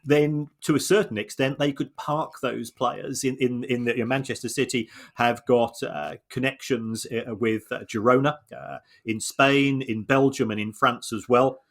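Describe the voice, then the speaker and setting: A man co-hosting a podcast, explaining points in a measured way with frequent restarts and repeated words. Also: medium pitch, steady tone. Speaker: podcast co-host. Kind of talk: conversational analysis.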